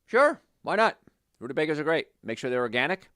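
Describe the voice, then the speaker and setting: A man's voice: fairly high pitch, fairly quick, dry recording, studio quality. A man working as a holistic health practitioner, answering viewer questions in a casual, chatty way and drifting into anecdotes. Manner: animated, chatty, drifts into stories.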